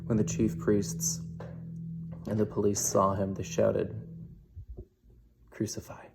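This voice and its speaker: A man giving a measured, solemn scripture reading for a worship service. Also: on the low side, completely flat delivery, creaky, over music. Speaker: scripture reader.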